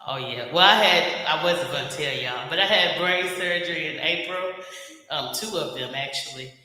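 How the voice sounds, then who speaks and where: A man's voice: fairly high pitch, normal speed, bright, forceful tone. A man giving an earnest, reflective spiritual testimony as an invited speaker at a church event, laughing now and then. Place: church hall. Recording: echoey hall with long reverb.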